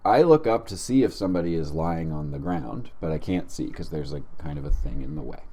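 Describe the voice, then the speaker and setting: A man co-hosting a comedy podcast, telling a long story in an animated, deadpan way. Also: a bass voice, a little fast. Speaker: podcast co-host.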